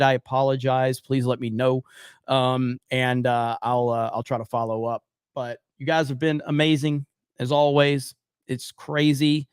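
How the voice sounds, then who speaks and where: A man's voice: on the high side, dry recording, studio quality. A man hosting his own livestream in a chatty way, reading viewer comments aloud and laughing often. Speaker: livestream host. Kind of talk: casual livestream sign-off.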